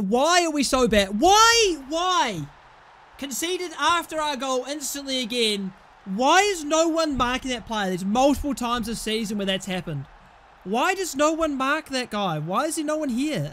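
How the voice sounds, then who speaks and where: High-voiced man playing a football game. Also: lively intonation, normal speed, slight background noise. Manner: casual, swears and shouts at goals and refereeing. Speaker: gaming YouTuber. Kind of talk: Football Manager let's play commentary.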